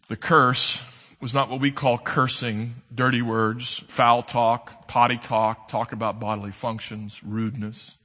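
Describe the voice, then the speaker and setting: A man preaching a sermon as an earnest storyteller, swinging between loud emphasis and soft, low asides. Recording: long hall reverb.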